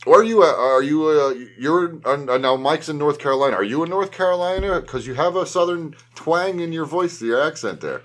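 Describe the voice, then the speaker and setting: A man's voice: a little high, animated, moderate pace, hardly any pauses. Rambling man hosting a podcast. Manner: rambling, laughing, restarts often. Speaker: podcast host. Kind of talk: casual chat.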